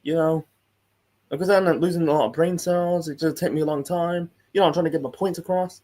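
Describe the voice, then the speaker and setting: Male streamer host, high husky voice, rambling, heated, sweary reaction rant. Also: fairly even intonation, fast talker, warm tone. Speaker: host reacting to a football video. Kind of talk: casual live-stream rant.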